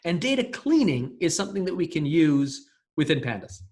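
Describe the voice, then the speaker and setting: A man's voice: a little high, big pitch swings, normal speed, darkish tone. A man teaching a recorded programming class, talking casually and thinking aloud with fillers and restarts. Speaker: lecturer. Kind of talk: recorded coding lecture.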